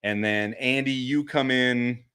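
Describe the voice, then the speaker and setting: A man in the middle of his range, recapping a fan convention with his co-host. He tells stories with energy and acts out quotes in sudden high bursts. The talk is relaxed and conversational. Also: slow, clean tone. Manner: animated storyteller, acts out quotes with big pitch jumps. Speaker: podcast co-host. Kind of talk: casual chat recap.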